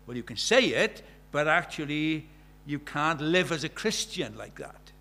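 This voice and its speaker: A man preaching a sermon, animated and rhetorical, asking the congregation questions and acting out the voices he quotes. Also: fairly high pitch, measured pace.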